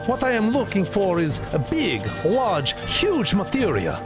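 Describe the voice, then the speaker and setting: A man voicing a scheming female weapons chief in a game, putting on a mock Russian accent and a high, drawn-out voice. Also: wildly swooping pitch, full character voice. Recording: loud game music behind.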